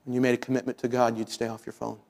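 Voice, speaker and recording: A man's voice: mid-range voice, monotone, racing, creaky, darkish tone. A middle-aged man preaching a sermon, appealing directly to the congregation with rising intensity. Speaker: pastor.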